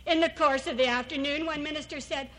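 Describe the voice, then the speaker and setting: A woman's voice: high voice, steady tone, fairly quick, fairly bright tone, rough recording. A woman giving an anecdotal church talk as a missionary speaker, storytelling and acting out the people she quotes.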